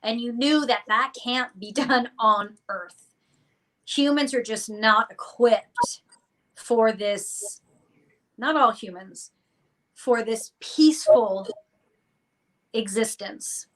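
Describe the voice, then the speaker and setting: A woman giving an earnest, expressive psychic reading on a live stream. She acts out the listener's inner thoughts and laughs between phrases. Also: on the high side, slow, pauses often, poor audio. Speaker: psychic reader.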